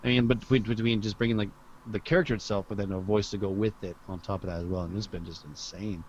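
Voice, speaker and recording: A man's voice: lowish voice, fast, slightly rough, dull audio. A man hosting a casual gaming podcast, chatting animatedly and laughing often. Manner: animated, laughs often, quotes others in funny voices. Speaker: podcast host.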